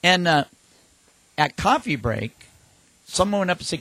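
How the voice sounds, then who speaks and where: A man's voice: high voice, sing-song, measured pace, long pauses, fairly bright tone, no echo, poor audio. A man co-hosting a casual talk show, telling rambling anecdotes and acting out quotes. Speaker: podcast co-host. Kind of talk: casual chat.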